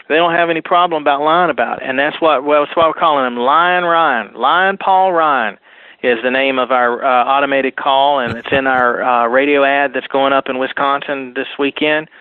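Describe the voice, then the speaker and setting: A man's voice: mid-range voice, moderate pace, clean tone, dry recording. Talk radio caller, man, insistent and repetitive, phone-line sound. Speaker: political activist guest. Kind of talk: political talk radio interview.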